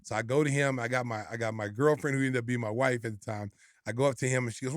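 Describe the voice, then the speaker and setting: Fast-talking man telling a story. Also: medium pitch, no room sound, studio quality. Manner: animated, loud bursts when excited. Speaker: podcast host. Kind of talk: casual storytelling.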